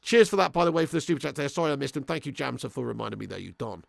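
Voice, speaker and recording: A man's voice: mid-range voice, animated, racing, gravelly, dry recording, studio quality. A young man hosting a live match watch-along, swearing freely and reading out viewer messages. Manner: crude, swearing fan banter; reads out viewer super chats. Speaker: fan channel host.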